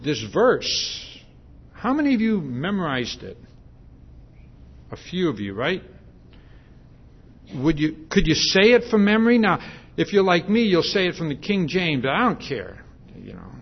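Male preacher, unhurried and chatty, stops to ask the congregation questions; muffled lo-fi recording. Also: a little high, very animated, slightly rough. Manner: conversational, with many fillers and restarts. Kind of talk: sermon.

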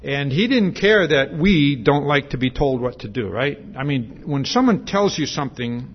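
A man's voice: on the high side, animated, normal speed, breathy edge, highs cut off. A man preaching a sermon in a conversational way, with many fillers and restarts, and asking the congregation questions.

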